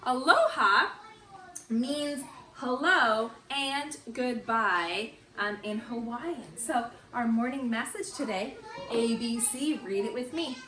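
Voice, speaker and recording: A woman teaching kindergarten and first graders in an online morning meeting, slow and sing-song. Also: high-pitched, expressive, bright, forceful tone, roomy sound, far from the mic. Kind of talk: remote morning meeting lesson. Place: at home or classroom on camera.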